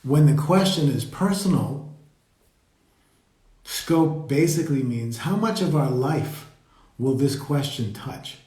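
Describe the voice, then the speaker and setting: A man leading a live meditation talk, speaking slowly and reflectively and greeting viewers as they join. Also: medium pitch, lively intonation, warm tone. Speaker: meditation teacher. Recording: roomy echo.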